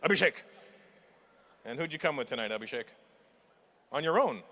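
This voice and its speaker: A man's voice: on the high side, expressive, moderate pace, fairly bright tone. A middle-aged man doing stand-up crowd work, teasing the audience and laughing at his own jokes, recorded live on stage. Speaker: stand-up comedian. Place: live comedy venue with audience. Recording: live show with crowd and hall noise.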